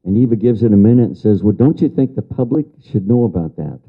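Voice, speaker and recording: A man's voice: lowish voice, expressive, fast. Older man telling a story to an audience. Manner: repeats key phrases for emphasis; answers audience remarks. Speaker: lecturer. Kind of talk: storytelling lecture. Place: lecture room with audience. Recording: dull lo-fi lecture recording.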